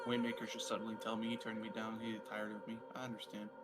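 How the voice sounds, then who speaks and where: A loud, boisterous man bantering and teasing on a voice call through a laptop mic. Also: lowish voice, monotone, fast, faint music behind. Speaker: tabletop game player.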